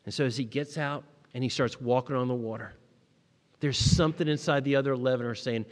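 Middle-aged guy preaching, storytelling, goes loud then soft, echo of a big hall. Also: mid-range voice, normal speed. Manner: storytelling, rising to emphatic peaks and dropping to quiet moments. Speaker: pastor. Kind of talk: sermon.

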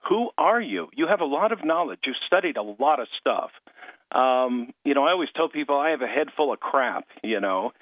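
A man who is an astrologer and co-host on a call-in radio show, explaining charts in a chatty, animated way. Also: mid-range voice, moderate pace, no echo. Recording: tinny phone-line sound.

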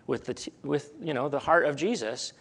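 A middle-aged man preaching with a gravelly, creaky edge to his voice. He tells the story in waves, pushing up to emphatic peaks, then falling back quiet and close. He restarts and repeats words as he works out his thoughts aloud. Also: fairly high pitch, lively intonation, normal speed. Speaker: pastor. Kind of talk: sermon.

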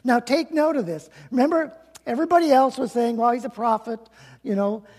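A male pastor preaching a sermon, emphatic, slowing down to stress key words, heard in a church sanctuary. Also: very high-pitched, a little mellow, breathy edge. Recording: long reverb of a large hall.

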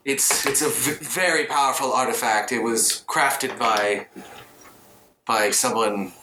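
A man doing a calm, courteous raven man. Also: mid-range voice, slow, slight background noise. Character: polite male wereraven, man in raven-feather cloak. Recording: roomy room with violin music behind.

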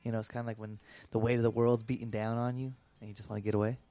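A man's voice: fairly low pitch, level tone, very fast, mellow. A man from the band, joking crudely and explaining a song during a podcast interview. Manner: playful, crude, teasing. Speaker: band member, guest. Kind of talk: casual interview chat.

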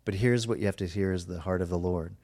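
A man preaching a sermon as pastor, earnest and emphatic, now and then slowing to a soft, drawn-out stress. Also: low voice.

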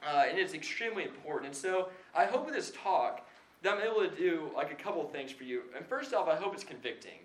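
A man's voice: a little high, expressive, fast. A young man giving a casual sermon-style talk to a live audience, chatty and self-deprecating with lots of "like" fillers. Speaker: speaker at a Christian gathering. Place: hall before a live audience. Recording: echoey room, faint background noise.

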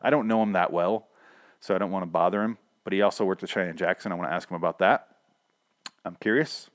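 A man with a fairly low voice hosts a casual solo podcast about a TV show. He rambles excitedly, trips over his words, restarts his sentences and swears freely. His voice is starting to go hoarse. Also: fast, no echo. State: voice going hoarse. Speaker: podcast host.

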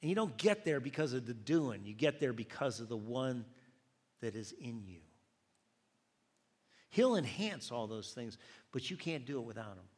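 A man's voice: medium pitch, very animated, normal speed, pauses often, slightly rough, long reverb tail. An older man preaching a sermon as pastor, telling a story and acting out the dialogue with self-deprecating humor.

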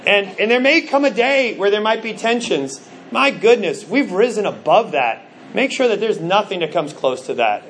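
A middle-aged male pastor preaching a sermon, telling stories with animated, acted-out quotes. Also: sits high, normal speed, few pauses, slight background noise. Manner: animated storytelling, acts out quoted voices.

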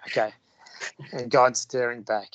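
A man's voice: mid-range voice, little pitch movement, a little slow, fairly bright tone, no echo. A man co-hosting a podcast, playful and laughing at his own slips in casual chat. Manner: playful, stumbles and laughs at himself. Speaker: podcast co-host.

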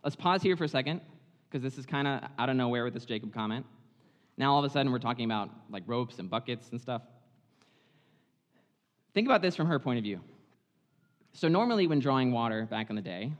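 A man preaching in a chatty, animated way, dramatizing the story as he goes. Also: medium pitch, brisk, long pauses, in a large hall. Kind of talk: sermon, conversational Bible storytelling.

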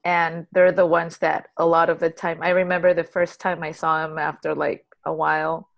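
A woman middle school teacher chatting casually on a podcast, telling lively stories. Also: sits low, normal speed, gravelly, muffled recording. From Southern California. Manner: animated storytelling with acted quotes. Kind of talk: casual chat.

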